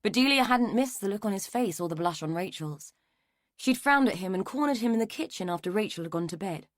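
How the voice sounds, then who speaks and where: A woman reading a mystery novel aloud in a measured, even way. Her voice sits at a middle pitch for a woman, and the recording is dry and close with no room sound. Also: no room sound. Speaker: audiobook narrator. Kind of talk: scripted narration.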